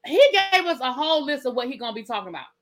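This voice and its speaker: Woman podcast host, bright and slightly high voice, incredulous casual gossip delivery. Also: rapid-fire. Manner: animated, incredulous, laughing asides. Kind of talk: casual celebrity gossip commentary.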